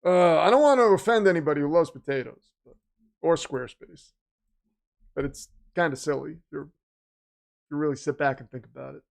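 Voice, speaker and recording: Excitable high-voiced man streaming live. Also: moderate pace, vocal fry, pauses often. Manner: excitable, announcer-style hype with chatty asides. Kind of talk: casual live-stream commentary.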